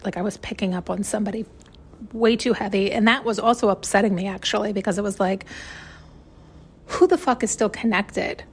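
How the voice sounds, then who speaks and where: A woman's voice: mid-range voice, steady tone, brisk, breathy edge. A woman hosting a podcast, talking in a rambling, emotional monologue full of fillers and restarts, choked up and close to tears. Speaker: podcast host. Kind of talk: casual spiritual monologue.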